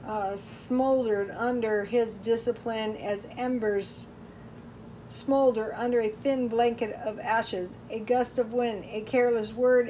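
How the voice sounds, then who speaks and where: A woman reading a storybook aloud in slow, measured narration. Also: on the high side, dark tone, slight background noise, low-quality recording. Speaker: audiobook reader.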